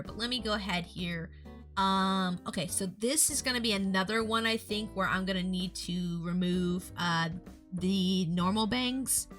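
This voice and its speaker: A woman's voice: mid-range voice, a bit bright. A woman streaming live as a VTuber artist, chatting casually with viewers while she shows off a model. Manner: chatty, rambling, greets chat viewers.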